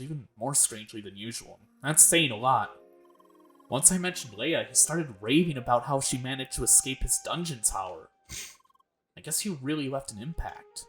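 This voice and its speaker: A man of middle pitch reads a game's dialogue aloud as host of a let's play. He keeps the delivery plain and stops now and then to add his own comments. Faint game music plays behind him. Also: a bit bright.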